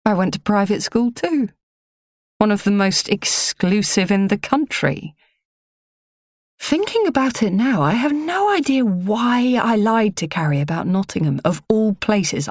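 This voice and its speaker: A woman reading a first-person audiobook in a measured, low-key delivery. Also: dry recording, clean studio sound. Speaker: audiobook narrator.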